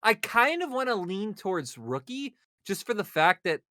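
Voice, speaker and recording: Animated bright man, swinging pitch. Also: no echo, studio quality. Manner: animated, excitable, quick bursts. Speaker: esports panel co-host. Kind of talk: casual analytic chat.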